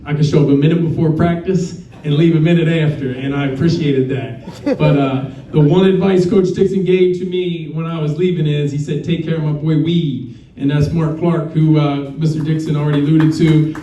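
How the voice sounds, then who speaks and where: A man's voice: fairly high pitch, steady tone, normal speed, dark tone. A man giving a rambling, self-deprecating hall of fame acceptance speech as a coach. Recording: roomy, distant, muffled.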